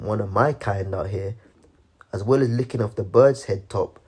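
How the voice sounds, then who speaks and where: Low-voiced man preaching casually. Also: dark tone, husky. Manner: halting, many restarts, keeps saying "man" and "you know". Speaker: religious commentator.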